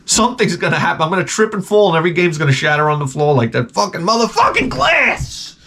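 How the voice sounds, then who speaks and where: Middle-aged man, casual vlogger, profane and animated ranter, slightly high voice. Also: fast talker, a little hiss or hum. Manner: profane, animated, ranting with put-on exasperated quotes. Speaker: vlogger showing garage sale finds. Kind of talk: casual storytelling vlog.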